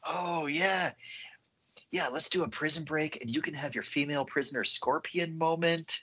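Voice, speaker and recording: A man co-hosting a casual film podcast with a husky voice, laughing often and mimicking characters. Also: a little high, moderate pace, sharp tone, lo-fi sound. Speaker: podcast co-host.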